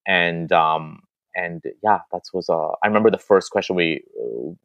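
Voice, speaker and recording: A man's voice: sits low, moderate pace, fairly bright tone, no echo, muffled recording. A male actor talking casually as an interview guest, chatty and full of restarts and fillers.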